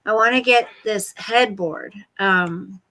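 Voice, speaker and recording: A woman's voice: mid-range voice, takes it slowly, sharp tone, low-quality recording. A woman hosting a casual livestream, talking bluntly and rambling to her chat and her pet at home. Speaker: livestream host. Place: home room.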